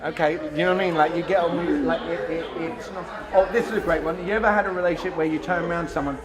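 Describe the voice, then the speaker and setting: A man giving a blunt, animated sales-training talk to a live audience, acting out both sides of conversations. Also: on the high side, rapid-fire, crowd noise.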